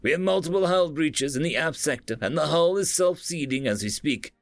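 A man voicing a dutiful male sensor technician giving brisk status reports. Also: fairly high pitch, expressive, no echo, voice pushed up.

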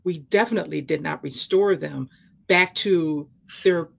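A woman co-hosting a ministry podcast, talking through a Bible parable in a lively, conversational way and slipping into character voices. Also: low-pitched, a little slow, creaky. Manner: animated, acts out the characters she describes.

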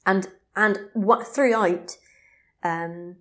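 An animated woman is co-hosting a casual film chat. She retells the plot with gusto and drops the odd swear. Her voice sits at an everyday middle pitch for a woman. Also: extremely slow. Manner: animated storyteller, swears, acts out quotes. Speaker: podcast co-host.

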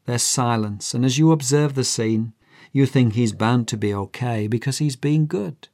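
A man's voice: mid-range voice, normal speed, darkish tone. A man preaching a sermon, earnest and emphatic, telling a courtroom story to his listener. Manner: earnest, emphatic, acts out characters' voices.

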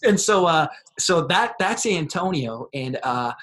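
Animated pastor telling a story. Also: male voice, a little high, unhurried. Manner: animated storyteller, acts out excited voices. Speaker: pastor and author. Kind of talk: interview storytelling.

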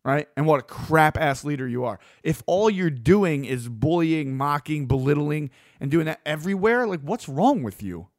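A man delivering a blunt, opinionated monologue as a host, swearing freely and getting animated. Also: on the high side, moderate pace, hardly any pauses, no echo, clean studio sound.

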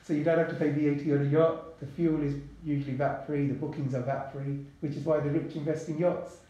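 A man, talking casually as a podcast guest in a relaxed, chatty way with many asides. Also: a little high, fairly quick, lo-fi sound. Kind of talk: casual interview talk. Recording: very echoey room.

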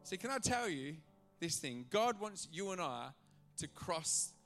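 A male pastor preaching a sermon to a church congregation, animated and acting out the voices in his stories. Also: sits high, unhurried, faint music behind. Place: church auditorium.

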